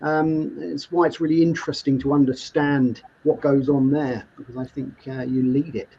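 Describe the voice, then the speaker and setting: Man, live-show host, husky, dull lo-fi audio, reads comments, laughs a lot. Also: medium pitch, steady tone, moderate pace. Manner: reads viewer comments aloud, laughs often. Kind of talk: upbeat live show chat. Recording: muffled lo-fi online stream audio.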